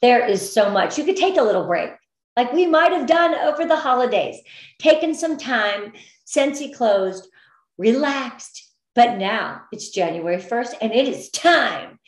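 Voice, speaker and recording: A bright, higher-pitched middle-aged woman leads a motivational business training, upbeat and encouraging. She gets emotional at times, and her voice rings in an echoey room. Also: animated, measured pace. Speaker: direct sales team leader.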